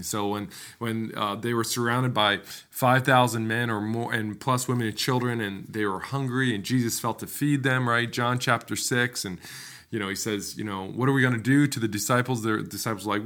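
A man's voice: mid-range voice, steady tone, normal speed, fairly bright tone. A man hosting a Christian podcast, talking about scripture in an earnest, conversational way with frequent fillers and restarts. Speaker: podcast host. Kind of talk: casual devotional podcast talk.

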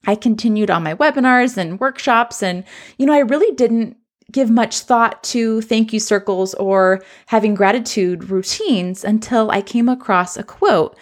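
Earnest woman telling a classroom story. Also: on the high side. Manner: earnest, reflective, re-enacts children's voices. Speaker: former teacher turned coach and trainer. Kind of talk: personal storytelling podcast.

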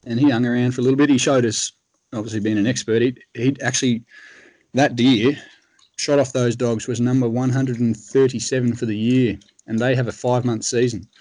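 A man's voice: mid-range voice, fairly even intonation, a little fast, darkish tone, no echo. An Australian man telling a long hunting story in a laid-back, rambling way, full of fillers. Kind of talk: casual storytelling.

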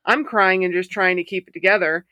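A woman's voice: fairly low pitch, steady tone, brisk, sharp tone, no room sound, studio quality. A woman hosting a podcast, reading listener stories aloud in a casual way, swearing freely and laughing often. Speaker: podcast host.

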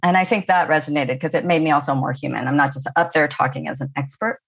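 A woman's voice: deep voice, fast, gravelly, slightly rough, dull audio. A woman guest on a business podcast, answering modestly about her speaking experience and laughing often. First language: not Japanese; speaks to Japanese audiences. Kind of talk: interview answers.

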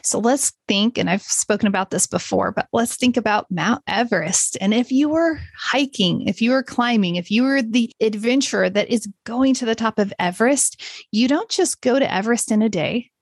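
A middle-aged woman hosts a solo podcast in a casual, chatty, encouraging way, sometimes laughing at herself. Her voice is on the high side with a breathy edge, moving at a moderate pace in a dry recording.

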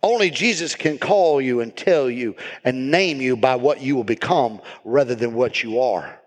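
A man preaching a sermon as pastor, building to shouted, repeated emphasis. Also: on the high side, animated, fairly quick. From United States. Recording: reverberant hall.

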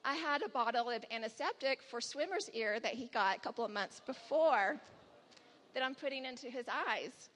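A woman in her forties tells a personal testimony from a church stage. Her voice sits a little high and rings bright, and it trails off into the long reverb of a big hall. She speaks candidly and slips into dialogue when quoting her son. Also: moderate pace.

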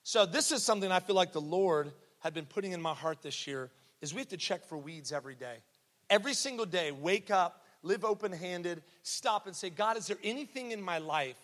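This young pastor's voice sits high and sounds expressive and fairly bright, moving a little fast. He tells a joking, casual story in his sermon with asides and laughs for the crowd, using a handheld or headset mic in a sanctuary with long hall reverb.

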